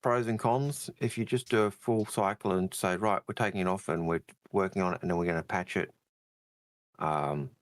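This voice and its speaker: Man, very deep voice, casual gaming chat, measured and hesitant, dry close sound. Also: steady tone, no echo. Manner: measured, hesitant, many fillers. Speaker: co-host of a game Q&A show.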